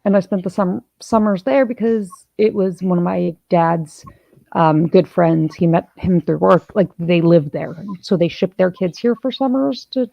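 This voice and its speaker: Gravelly-voiced woman telling a rambling story. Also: on the low side, unhurried, no echo, dull audio. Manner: chatty, rambling storyteller with many restarts. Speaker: channel host. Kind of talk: casual chat.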